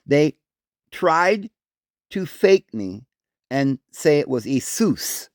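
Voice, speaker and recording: A man's voice: big pitch swings, drawn-out words, a little mellow, dry recording. Male host for a religious monologue: emphatic, insistent, dry close sound. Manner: emphatic, insistent, repeats points; acts out voices calling out a name in raised pitch. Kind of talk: solo religious talk monologue.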